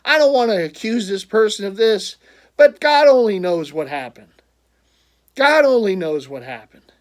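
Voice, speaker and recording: A man's voice: high-pitched, lively intonation, moderate pace. Rambling man vlogging about a lost jersey. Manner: rambling, repeats himself, laughs often; gets worked up and loud when frustrated. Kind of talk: casual storytelling vlog.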